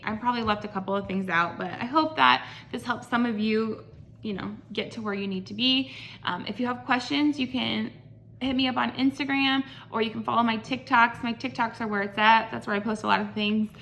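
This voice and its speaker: A woman's voice: mid-range voice, a bit bright, slight background noise. Candid rambling woman vlogger. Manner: candid, rambling, many fillers and restarts. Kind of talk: personal vlog storytelling.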